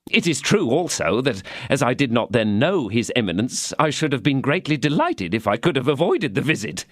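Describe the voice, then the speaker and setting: A man's voice: mid-range voice, sing-song, moderate pace, dry recording, voice pushed up. A pompous, greedy middle-aged shopkeeper, as a man reads him, smug but cowardly. His voice rises a little and swings widely as he parrots grand phrases. Dry, close audiobook sound.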